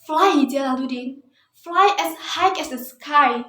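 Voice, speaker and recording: A young woman with an Indonesian accent voicing a bold, mysterious wandering mystic man in a read-aloud story, declaring his lines loudly. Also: high-pitched, slow pace, full character voice. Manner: loud, forceful declarations. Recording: roomy echo.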